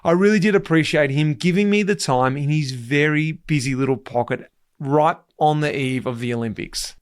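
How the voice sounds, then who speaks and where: A man's voice: fairly high pitch, normal speed, clear, resonant tone. Chatty man hosting a podcast. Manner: chatty, animated storytelling. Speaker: podcast host, former pro cyclist. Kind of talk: casual podcast interview.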